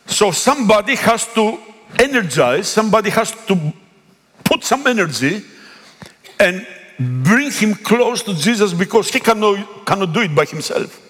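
Animated preaching man in an echoey hall. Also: sits high, breathy edge. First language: Greek. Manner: animated preaching, pleading and swelling to calls. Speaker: pastor. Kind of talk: sermon. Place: church. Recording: long echo of a big hall.

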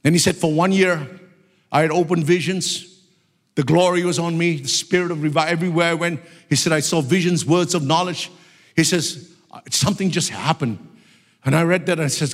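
A man preaching a sermon with fervent passion, at times shouting out prayers. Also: fairly high pitch, fairly quick, big-room sound.

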